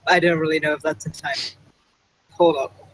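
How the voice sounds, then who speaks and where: A young man playing a tabletop game, quick and joking, thinking aloud about the rules. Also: on the high side, level tone, fairly bright tone, no room sound, low-quality recording. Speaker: player. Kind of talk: casual tabletop game chat.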